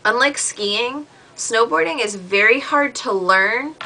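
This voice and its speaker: A young woman chatting in a casual video message to a friend, full of fillers and animated retellings. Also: a little high, slow pace, rough recording. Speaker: vlogger replying to a friend.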